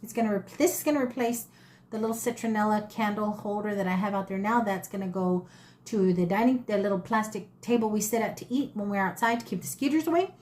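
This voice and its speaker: A woman's voice: medium pitch, fast talker, darkish tone. A woman, chatting casually and rambling in a folksy way as she shows off her thrift finds. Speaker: thrift haul vlogger. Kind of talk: casual chat to camera.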